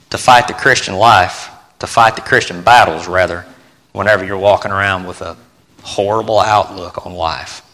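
A man preaching a sermon, swinging between loud exclamations and quiet asides and repeating phrases for emphasis. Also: lowish voice. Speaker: pastor. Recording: church hall with long reverb.

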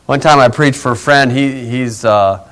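A man's voice: medium pitch, normal speed, fairly bright tone. A man teaching from the Bible in an easygoing, homespun way. He chuckles often and drifts into side stories. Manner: folksy, chuckling, rambling asides. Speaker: pastor.

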